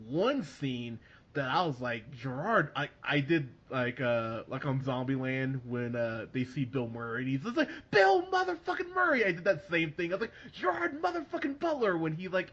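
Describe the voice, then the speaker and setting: A man hosts a casual movie review chat, animated and quick to laugh. His voice sits a bit high and sounds bright and forward. The audio is dull and lo-fi. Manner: laughs often, animated and excitable. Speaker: podcast host.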